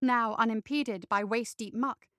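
A woman narrating a fantasy story aloud in a steady reading voice. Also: on the high side, unhurried, dry recording, studio quality.

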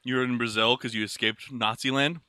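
Dude on a podcast mic, super bright voice, dry close sound, cracking crude jokes while snacking. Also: male voice, medium pitch, steady tone, a little fast, smooth, no room sound. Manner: profane, joking and laughing banter. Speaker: podcast co-host. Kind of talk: casual chat while taste-testing snacks. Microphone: studio microphone.

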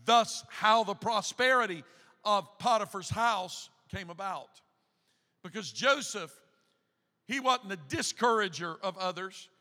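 A middle-aged man, a pastor preaching a sermon, building to shouted, repeated emphasis in a church. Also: sits high, expressive, a little slow, long reverb tail. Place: church sanctuary.

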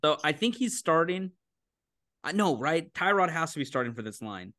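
A man co-hosting a casual sports betting podcast, animated and incredulous, quick to laugh. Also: a little high, dry recording, studio quality. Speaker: podcast co-host making picks.

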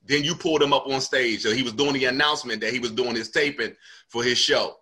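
Bright-voiced comedian telling a story. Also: male voice, medium pitch, quick pace. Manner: animated storyteller acting out quotes. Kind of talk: casual storytelling chat.

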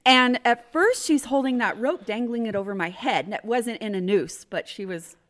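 A middle-aged woman telling a personal story in a casual podcast chat, animated and vivid. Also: on the high side, moderate pace. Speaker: podcast guest.

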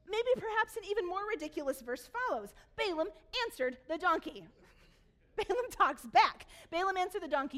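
A woman pastor giving a sermon, reading scripture aloud and retelling it in an animated storytelling way, laughing along. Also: extremely high pitch, moderate pace.

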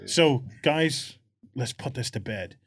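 A man hosting a casual tabletop gaming chat show, playful and quick to laugh. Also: mid-range voice, breathy edge. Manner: giggly, playful, animated. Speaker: podcast host.

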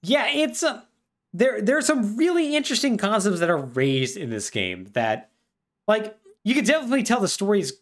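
A man co-hosts a casual podcast, recounting a story with a very lively, swooping pitch. He keeps it loose and chatty, dropping into quick offhand voices for the characters as he goes. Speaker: podcast co-host. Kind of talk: casual chat retelling a game plot.

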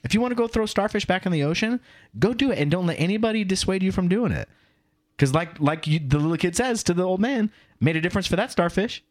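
A middle-aged man co-hosts a casual podcast, speaking in a high-pitched voice at a quick pace. He's an animated storyteller, telling tales and ranting with plenty of emphasis.

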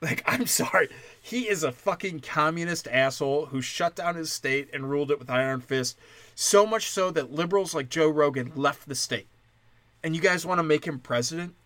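A man's voice: on the high side, moderate pace, a bit bright, no room sound. A man ranting in a heated, profane, rambling way, full of "like" fillers. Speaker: commentator. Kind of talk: profane political rant.

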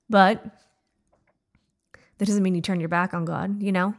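Halting woman in her thirties. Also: medium pitch, steady tone. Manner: halting, with many pauses and "like". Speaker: wife telling a family story. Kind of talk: emotional personal storytelling.

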